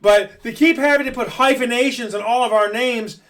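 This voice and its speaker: A man's voice: very high voice, normal speed, fairly bright tone, a little hiss or hum. A man ranting bluntly and emphatically, repeating his points in an opinion monologue. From United States. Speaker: home school dad vlogger. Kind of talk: opinion rant to camera.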